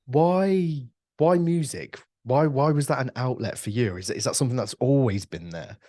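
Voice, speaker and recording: A man's voice: medium pitch, moderate pace, dark tone, dry recording, clean studio sound. A man hosting a podcast, speaking earnestly and encouragingly, with lots of fillers. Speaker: podcast host. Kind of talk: casual interview chat.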